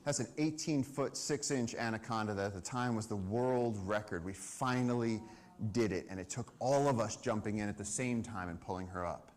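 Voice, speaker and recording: A man telling an animated story at a live conservation event, acting out the lines of the people in it. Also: fairly low pitch, moderate pace. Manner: lively storyteller, acts out dialogue and shouts. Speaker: conservation speaker.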